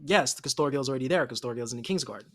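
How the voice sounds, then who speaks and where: A man in a casual anime discussion, lively and quick to laugh. He jumps into the characters' voices as he retells scenes, then drops back into his easy chatting tone. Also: mid-range voice. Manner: animated, laughs often, acts out characters' lines. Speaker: podcast co-host.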